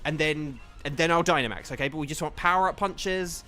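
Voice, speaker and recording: A young man live-streaming a game and chatting, excitable and flustered, rambling with lots of fillers. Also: fairly high pitch, brisk. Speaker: streamer and voice actor. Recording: faint game music behind.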